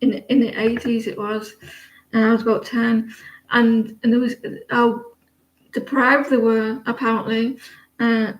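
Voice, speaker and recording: A woman's voice: fairly high pitch, flat delivery, measured pace, roomy sound, poor audio. An Irish woman in her forties giving a chatty, rambling live tarot reading, with many restarts. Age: 40s. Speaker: tarot reader.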